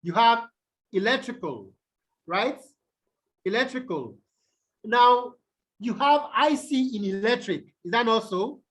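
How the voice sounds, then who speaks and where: High-voiced male tutor on a video call. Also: expressive, a little slow, fairly bright tone, low-quality recording. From Nigeria. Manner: checks in often with "okay?" and "the what?". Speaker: English tutor. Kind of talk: online tutorial on stress rules.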